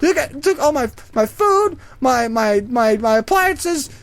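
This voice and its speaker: A man voicing a flustered, chatty elderly woman phoning a store for help, talking in a high, wavering, repetitive ramble. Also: expressive, a little slow, creaky, heavily acted. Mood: indignant.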